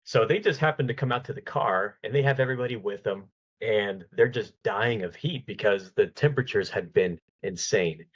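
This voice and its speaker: A man, a podcast guest, telling a lively anecdote in casual conversation, often restarting his sentences. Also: on the low side, normal speed, husky, muffled recording. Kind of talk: casual storytelling in an interview.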